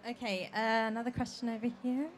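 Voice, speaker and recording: A woman hosts a convention panel, brisk and businesslike as she keeps things moving. Her voice sits a little high. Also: fairly even intonation, slight background noise. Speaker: panel host. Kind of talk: hosting a live panel.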